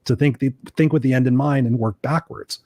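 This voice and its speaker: A man, a life coach, telling a candid personal story in an interview, animated and swearing casually. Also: medium pitch, fairly quick, dry recording. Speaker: coaching guest.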